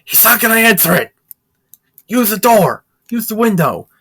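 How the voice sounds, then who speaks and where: A man voicing a gruff, stern adult male alien mentor in a quick, matter-of-fact way. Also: on the high side, big pitch swings, fairly bright tone.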